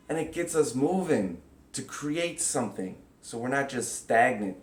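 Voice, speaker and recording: A man giving a casual spiritual teaching talk, animated and acting out inner voices with sudden loud, high bursts. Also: normal speed. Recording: echoey room.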